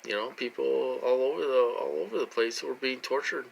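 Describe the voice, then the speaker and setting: Speaking at normal speed in a creaky, medium-pitched voice, this male vlogger talks to viewers from his room, with a faint hiss or hum in the recording. His casual monologue wanders and circles back on itself, packed with filler words.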